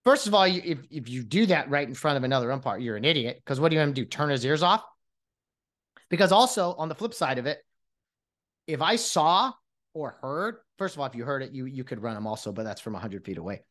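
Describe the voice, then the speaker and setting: A man's voice: medium pitch, very animated, quick pace, fairly bright tone. A man in his late thirties, a podcast host and former umpire, ranting with exasperation in a solo monologue, often restarting his sentences. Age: late 30s.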